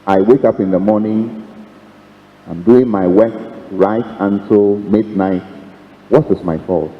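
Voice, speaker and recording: A man's voice: lowish voice, slow. A man, a priest, giving a retreat talk with humor, acting out the dialogues he tells and chuckling along the way. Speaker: priest preaching a retreat conference. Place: seminary hall. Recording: echoey hall, dull lo-fi sound.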